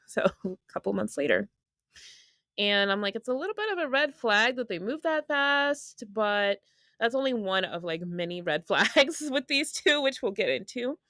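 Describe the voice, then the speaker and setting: A young woman with a mid-range, slightly bright voice co-hosts a podcast, gossiping casually in a blunt, sarcastic style and laughing often. The recording is dry, with clean studio sound.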